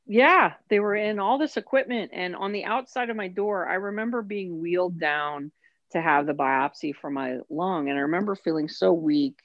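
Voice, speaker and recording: Low-voiced woman telling a personal story. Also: moderate pace, no room sound, highs cut off. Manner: candid, emotional, quotes others in her story. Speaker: interviewee.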